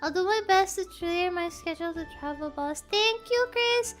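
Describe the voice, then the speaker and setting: Tired woman streamer, very high pitched, chatty and playful over soft music. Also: lively intonation, moderate pace. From Philippines. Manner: playful, rambling, reads chat aloud. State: tired, half asleep. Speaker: VTuber streamer. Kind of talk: casual chat stream.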